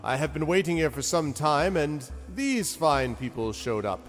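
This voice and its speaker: A man voicing a cheery male ally in a tabletop game, with a lilting, high, theatrical delivery. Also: animated, normal speed, in a large hall, faint music behind, natural voice.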